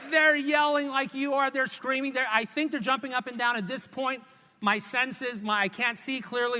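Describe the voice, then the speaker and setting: A man from Hawaii giving a humorous commencement speech in a large church hall, telling a story in an animated, self-mocking way and voicing his own thoughts. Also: very high-pitched. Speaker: commencement speaker. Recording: echoey recording in a large hall.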